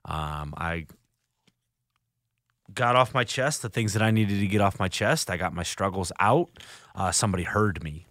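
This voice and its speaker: A man's voice: low voice, expressive, fairly bright tone, no echo. A man hosting a solo podcast in a studio, speaking earnestly and reflectively, often stopping to restart his sentences. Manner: earnest, halting with frequent restarts. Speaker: podcast host. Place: recording studio.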